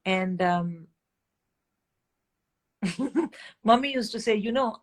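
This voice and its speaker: Woman, middle-aged, mid-pitched, animated storyteller, blunt, swears, guest on a chat show. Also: extremely slow. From India. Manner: animated, blunt, swears freely, acts out voices in stories. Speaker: guest comedian.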